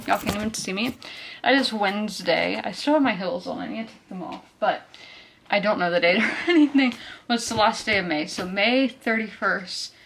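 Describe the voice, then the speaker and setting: A woman's voice: medium pitch, a bit bright. Chatty young woman vlogging. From South Carolina. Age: 20s. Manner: chatty and rambling, full of fillers. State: out of breath. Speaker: book vlogger. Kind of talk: casual chat.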